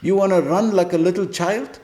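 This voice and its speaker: A man's voice: sits high, fairly quick, darkish tone, voice pushed up, close to an everyday voice. A man voicing a stern male god who scolds a warrior with mocking, challenging questions, in a roomy echo. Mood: scornful.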